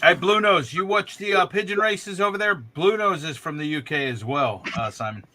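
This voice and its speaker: A man's voice: sits high, moderate pace, bright, forceful tone. A laid-back man chatting casually on a video call live stream, laughing often. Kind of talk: casual chat.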